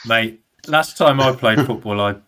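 A man's voice: medium pitch, a little slow, pushed and bright. A man on a casual football podcast, giving a detailed, analytical breakdown of play. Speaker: podcast co-host.

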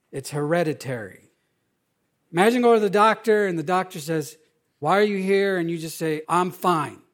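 A middle-aged man, a pastor, preaching a sermon in an animated, conversational way, asking his audience questions. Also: sits high.

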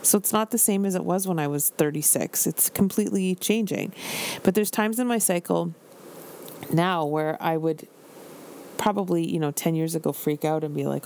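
A woman's voice: lowish voice, moderate pace, darkish tone, a little hiss or hum. Candid, chatty woman in her forties. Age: 40s. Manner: candid, chatty, frequent "like" fillers and swearing. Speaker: podcast host and business coach. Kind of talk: casual solo podcast talk.

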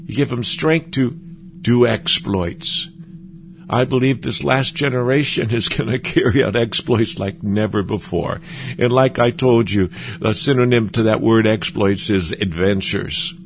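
Gravelly man preaching earnestly. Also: mid-range voice, a little hiss or hum. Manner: earnest, halting with frequent restarts. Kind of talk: conversational sermon.

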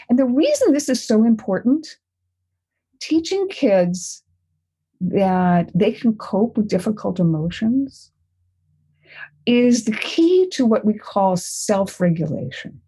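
A woman's voice: mid-range voice, warm tone, slightly rough. An older woman, a parenting expert, answering interview questions and telling a family story, acting out the voices she quotes.

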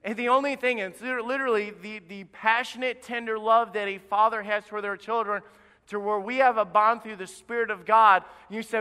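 Bright, animated preaching man. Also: high voice, fairly quick, smooth. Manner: animated, acts out quoted voices. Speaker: pastor. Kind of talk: sermon. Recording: live in a reverberant church.

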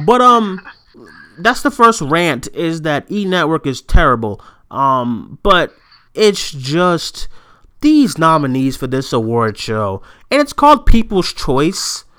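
A man's voice: fairly high pitch, takes it slowly, clean tone. A man co-hosting a movie news podcast, ranting in casual chat, swearing and laughing, recorded remotely. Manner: animated, swearing, laughing often. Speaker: podcast co-host. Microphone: remote recording setup.

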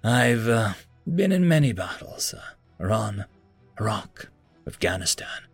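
A man voicing a weary soldier who recounts his battles in a halting, subdued way. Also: fairly low pitch, sing-song, vocal fry, husky, no echo, soft background music, full character voice. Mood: reflective. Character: hesitant, world-weary male soldier.

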